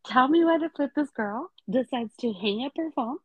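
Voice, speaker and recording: A woman co-host tells a juicy story with lively energy, slipping into each person's voice as she quotes them. Her voice comes through thin and narrow like a phone line, with a dry, close sound. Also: high-pitched, normal speed, husky, dry recording. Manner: animated gossipy storytelling, acts out quotes, frequent "like". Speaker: podcast co-host. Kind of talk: casual storytelling chat.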